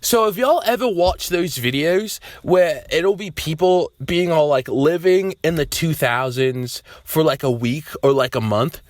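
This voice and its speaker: A man's voice: a little high, measured pace, hardly any pauses, no echo, studio quality. Rambling, swearing young man vlogger. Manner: rambling, swears freely, loud animated outbursts. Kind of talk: casual rambling monologue.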